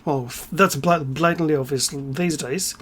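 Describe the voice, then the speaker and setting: His voice a little high, a bit bright, and slightly rough, a man rants on his own channel at a measured pace. The solo vlog monologue is sarcastic and irreverent, peppered with curses, emphatic bursts, and laughter.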